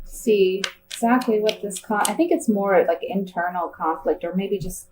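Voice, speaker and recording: A woman's voice: medium pitch, normal speed, darkish tone, a little hiss or hum, low-quality recording. A woman giving a tarot reading in a casual, chatty way, thinking aloud as she turns the cards. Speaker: tarot reader.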